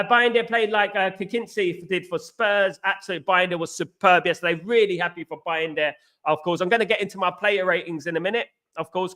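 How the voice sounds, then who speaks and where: A Cockney man from East London hosts a live football reaction stream, his voice pitched high and ringing with a bright, sharp edge. He is excitable and chatty, shouting out viewers by name and leaning on the same stock phrases again and again. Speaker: host of a football reaction livestream. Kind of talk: live reaction chat reading viewer comments.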